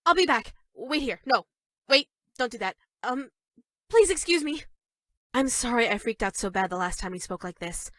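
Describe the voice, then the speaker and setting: A voice actress delivers scripted dating-game lines as an obsessive yandere schoolgirl, sweet but creepy, in a high-pitched, expressive voice at a moderate pace. Shy and adoring, she stammers bashfully, then turns suddenly, quietly menacing. The recording is dry and close with no room sound.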